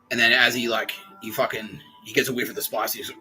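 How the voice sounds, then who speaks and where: A man hosting a podcast, rambling through a profane comedic monologue. His voice is very bright and cutting, and faint music plays underneath. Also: mid-range voice, fairly even intonation, normal speed, low-quality recording. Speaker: podcast host.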